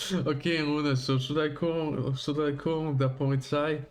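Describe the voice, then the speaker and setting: A man's voice: on the high side, flat delivery, unhurried, faint music behind. A male streamer chatting casually and teasingly with his live chat between story reading.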